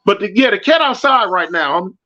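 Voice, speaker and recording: A man's voice: sits high, animated, fast talker, pushed and bright, lo-fi sound. A middle-aged man casually hosting a livestream, reading out viewer comments and asking for likes in loose, slangy street talk. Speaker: livestream host.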